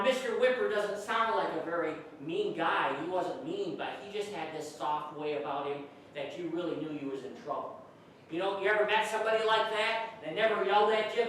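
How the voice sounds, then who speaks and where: In a very echoey church hall, heard from a distance through faint hiss, a man entertains children with playful comic stories, chatting and asking them questions. He is a children's entertainer with a high-pitched, fairly bright voice.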